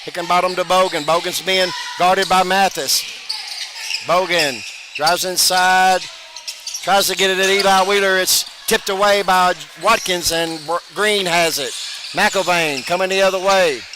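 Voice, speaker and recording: A man doing brisk play-by-play commentary of a basketball game, his voice jumping up loud on big plays. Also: high-pitched, steady tone. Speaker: play-by-play announcer. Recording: broadcast over loud gym noise.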